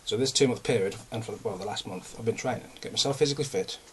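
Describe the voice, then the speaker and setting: A man's voice: lowish voice, quick pace, a little hiss or hum. A young man, talking in a casual, rambling and self-mocking way, a bit out of breath. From England. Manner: ranting, self-mocking, chatty. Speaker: vlogger.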